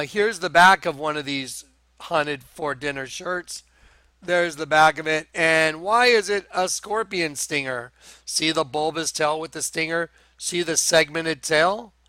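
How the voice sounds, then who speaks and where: A man preaching an online show-and-tell monologue, talking slowly and emphatically, repeating phrases and calling his viewers folks. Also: on the high side, pushed and bright, no echo. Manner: repetitive, insistent, addresses viewers as folks.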